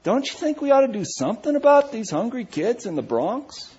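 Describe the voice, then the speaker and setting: A man's voice: very high voice, big pitch swings, fairly quick, darkish tone, slightly rough, dull audio, voice pushed up, exaggerated voice. A man voicing an earnest fourteen-year-old daughter who keeps insisting on the same plea. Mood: pleading.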